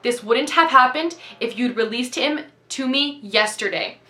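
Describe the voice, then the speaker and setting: Snapping, protective lady lawyer, voiced by a woman reader, storybook tone, bright and high. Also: unhurried, echoey room. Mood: firm. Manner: sharp and insistent. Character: fierce, protective female lawyer.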